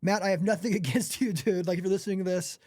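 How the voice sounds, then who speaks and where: A man's voice: high voice, fairly even intonation, fast talker, darkish tone, dry recording, clean studio sound. A man in his forties, a podcast guest who runs a gear company, talking candidly in an earnest, apologetic way with many restarts.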